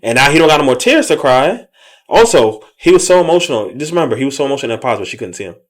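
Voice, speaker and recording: Fast-talking man podcast co-host. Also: medium pitch. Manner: joking, relaxed, slangy commentary. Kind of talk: casual recap chat.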